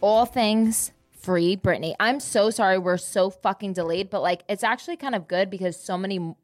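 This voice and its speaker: A woman's voice: mid-range voice, brisk, no echo, soft background music. Gossipy woman podcast co-host. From Texas. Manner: gossipy, swears freely, laughs often. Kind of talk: casual chat and ad reads.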